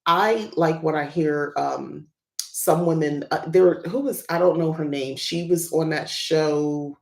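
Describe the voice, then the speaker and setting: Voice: medium pitch, steady tone, slow, creaky. A livestream podcast host talking casually about their practice, rambling and chatty with many fillers and small laughs. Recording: roomy echo.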